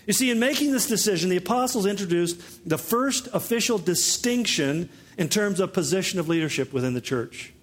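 Speaking a little fast, a male pastor whose voice sits notably high teaches his sermon in an easygoing way. Explanations mix with dry, humorous asides, and his tone stays conversational instead of oratorical.

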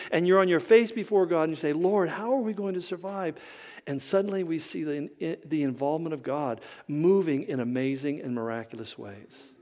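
A man preaching a sermon, telling the story with humor and lively acted-out quotes. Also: sits high. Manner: animated storytelling with humor and dramatic quoted voices. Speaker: pastor. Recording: hall reverb.

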